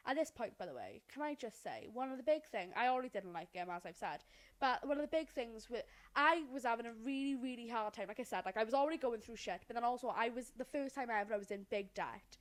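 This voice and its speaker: Woman, podcast co-host, casual chat, animated storytelling, swears a lot. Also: fairly high pitch, quick pace.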